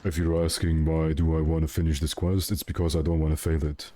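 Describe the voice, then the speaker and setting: Deep-voiced rambling streamer guy. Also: level tone, a little fast, warm tone. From Germany. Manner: rambling, jokey, self-correcting. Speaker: game streamer. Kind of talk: casual livestream chat.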